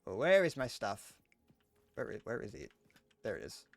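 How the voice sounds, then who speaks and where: A man's voice: mid-range voice, very animated, moderate pace, vocal fry, no room sound. A man in his twenties chatting casually to viewers while playing a game live, joking and swearing as he goes. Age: 20s. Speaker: streamer.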